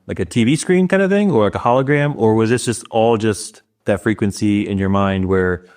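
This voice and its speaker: A man hosting an interview, asking the guest quick, searching questions from a bit away from the mic. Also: lowish voice, a little mellow. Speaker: podcast host.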